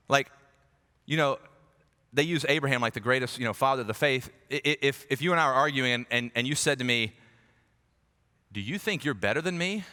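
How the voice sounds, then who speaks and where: A man preaching a conversational, animated sermon as a pastor, acting out quoted voices. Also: mid-range voice, fairly quick, pauses often. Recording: long hall reverb.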